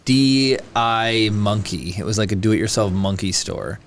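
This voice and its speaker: A man co-hosting a podcast, with a fairly low voice. He rambles through his stories in a relaxed, easygoing way. Faint noise sits behind him. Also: measured pace. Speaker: podcast co-host. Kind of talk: casual chat.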